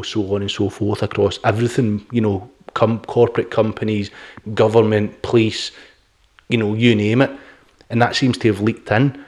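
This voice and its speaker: A man's voice: on the low side, little pitch movement, normal speed, darkish tone. Blunt, sweary man chatting. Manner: blunt, sweary, opinionated, laughs often. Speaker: podcast host. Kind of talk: casual podcast chat.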